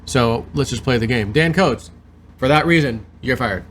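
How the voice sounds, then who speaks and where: A man's voice: mid-range voice, moderate pace, a bit bright, slight background noise, close to an everyday voice. A man doing a mocking impression of a blustering, boastful older male leader. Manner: mocking, brash.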